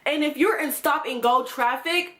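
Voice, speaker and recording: A young adult woman from Georgia tells her viewers a profane, exasperated story in a storytime vlog. Her high voice sounds pushed and bright, and she speaks at a moderate pace.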